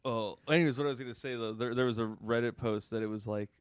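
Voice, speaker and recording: A man's voice: mid-range voice, steady tone, fast, clean tone, dry recording, studio quality. A man co-hosting a podcast, laid-back and swearing casually in chat. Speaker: podcast co-host.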